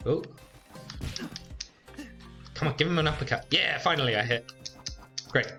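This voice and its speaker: A man giving casual let's play commentary on a video game, chatty and relaxed, with frequent fillers. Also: on the high side, normal speed, faint music behind. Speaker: YouTuber playing a game.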